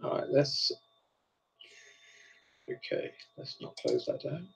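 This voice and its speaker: A man's voice: slow pace, a little hiss or hum, poor audio. A man hosting a live stream, chatting casually and reading viewer comments aloud as he reacts to them. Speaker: livestream host.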